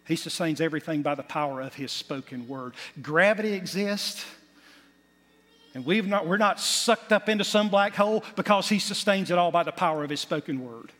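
High-voiced preacher in a hall. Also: male voice, normal speed, a bit bright. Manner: preaching with rising emphasis, folksy asides. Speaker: pastor. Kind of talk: sermon. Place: church sanctuary. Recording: long hall reverb.

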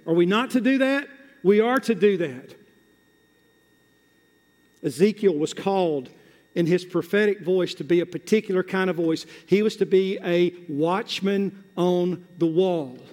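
A man preaching a sermon as pastor, drawing out key words and repeating phrases, swelling from hushed, slow passages to loud, rising exhortation. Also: high voice. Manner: emphatic, drawn-out words and repetition. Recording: long hall reverb.

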